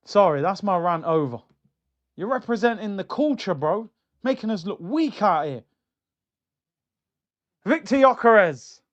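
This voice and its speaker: A man hosting a football fan channel, ranting in a mocking, slangy, animated way. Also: sits high, measured pace, pauses often. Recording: dull lo-fi sound.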